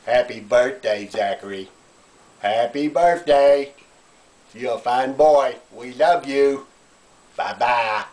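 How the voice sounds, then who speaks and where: A man's voice: mid-range voice, slow pace, pauses often, darkish tone, natural voice. A man voicing a silly, chatty male duck puppet that quacks and teases. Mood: playful. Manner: playful teasing, quacking.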